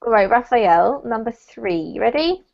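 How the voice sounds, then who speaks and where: A woman's voice: a little high, animated, normal speed, creaky. A woman teaching English pronunciation in an online class, patient and encouraging, explaining sounds with careful emphasis. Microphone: video call. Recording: dull lo-fi video call audio.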